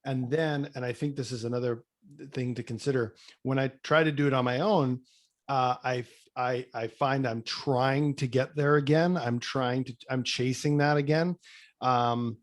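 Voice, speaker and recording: A man hosting a podcast conversation, with a mid-range voice. He speaks reflectively about his own experiences, with frequent halting restarts as he works out what he wants to say. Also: mid-range voice, steady tone. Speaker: podcast host.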